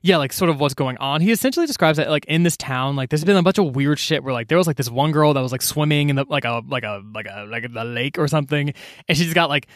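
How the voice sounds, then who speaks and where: Man, slightly high voice, dry close sound, slangy, lots of "like" fillers, casual story recap. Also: lively intonation, fast, fairly bright tone, no echo.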